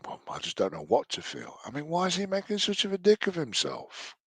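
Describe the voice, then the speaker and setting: A man's voice: sits high, huge pitch swings, fairly quick, fairly bright tone, husky, no echo. A man giving mocking, exasperated reaction commentary on a video, swearing freely.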